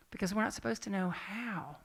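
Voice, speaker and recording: A woman minister with a Southern accent preaching a sermon and telling personal stories in a lively, chatty way, with asides to the congregation. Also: medium pitch, breathy edge. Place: church sanctuary.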